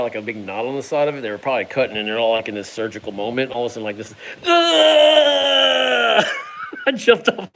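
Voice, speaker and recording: Animated man telling a story, lively pitch. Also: gravelly, poor audio. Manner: animated, laughs often, sound effects. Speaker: vlogger. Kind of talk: casual storytelling.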